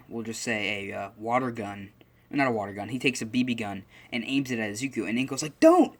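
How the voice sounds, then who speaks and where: A man's voice: lowish voice, fairly bright tone. Young man rambling through an improvised story. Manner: rambling, many fillers and restarts. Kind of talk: casual improvised fan-fiction storytelling.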